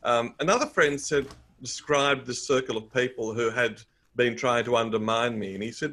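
A man's voice: mid-range voice, moderate pace, pushed and bright. Upbeat Australian man telling stories. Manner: upbeat, anecdotal storyteller. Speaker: guest, author and speaker. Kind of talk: conversational interview.

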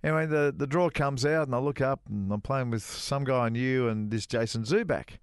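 A middle-aged man spins a lively yarn on a casual radio chat show, jumping into other people's voices as he quotes them. His voice sits at an ordinary pitch and sounds dry and close, with no room around it. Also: brisk, smooth, no echo. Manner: animated anecdote-teller, voices other people. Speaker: co-host, former touring golf pro.

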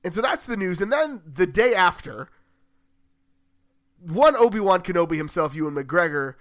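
A man with a bright, forward voice pitched a little high, co-hosting a casual podcast. He rambles and corrects himself as he thinks aloud. The sound is close and dry. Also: sing-song, moderate pace, dry recording. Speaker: podcast co-host. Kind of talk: casual chat.

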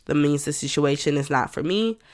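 A woman's voice: sits low, a little fast, darkish tone, no echo, studio quality. A woman hosting her own podcast, talking candidly and conversationally about herself, with self-talk asides and light laughs. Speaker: podcast host. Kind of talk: personal reflective monologue.

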